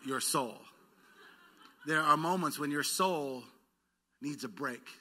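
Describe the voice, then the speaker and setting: Male pastor, slightly high, very bright voice, lively sermon delivery with call-and-response. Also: slightly rough. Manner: engaging the congregation for call-and-response; lively, quick bursts then slowed words. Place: church sanctuary.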